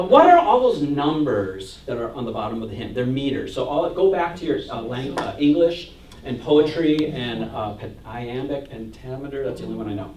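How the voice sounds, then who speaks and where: A man's voice: mid-range voice, a little mellow, a little hiss or hum. Jovial man lecturing in an echoey room. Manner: jovial and chatty, reads hymn verses aloud with laughs. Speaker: church music minister and organist. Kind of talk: informal lecture to a church adult class. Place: church meeting room. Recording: roomy echo, voice from far off the mic.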